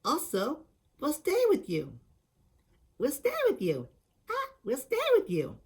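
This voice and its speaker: A man voicing a pair of tiny, innocent fairy women in a soft, breathy, high girlish voice, drawing out the vowels gently. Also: wildly swooping pitch, exaggerated voice. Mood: gentle. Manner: slow and gentle, airy vowels.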